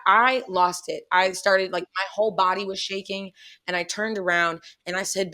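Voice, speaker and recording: A woman of medium pitch talks at normal speed as she co-hosts a podcast and recounts a personal story casually. Animated and outspoken, she curses heavily and often breaks into laughter.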